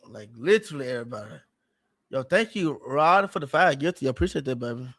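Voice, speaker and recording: A man's voice: mid-range voice, lively intonation, fast, a bit bright. A man talking casually on a livestream, rambling and repeating himself in an earnest, aggrieved way. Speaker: streamer guest.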